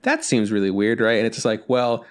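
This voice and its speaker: A man's voice: on the low side, fairly even intonation, fairly quick, clear, resonant tone. Rambling, swearing male podcast co-host. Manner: rambling, profane, many restarts. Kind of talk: casual chat.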